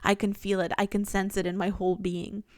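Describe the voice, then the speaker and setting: A woman's voice: mid-range voice, flat delivery, fairly quick, a little mellow, dry recording, clean studio sound, lightly acted. A loving pet cheering its owner on, as a woman voices it. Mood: tender. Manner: soothing, encouraging.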